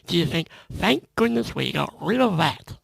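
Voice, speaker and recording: A woman interviewer with a low, gravelly voice, giving quick encouraging replies and asking casual questions. The recording is dry and close. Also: animated, no room sound. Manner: brief encouraging backchannels. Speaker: podcast host, interviewer.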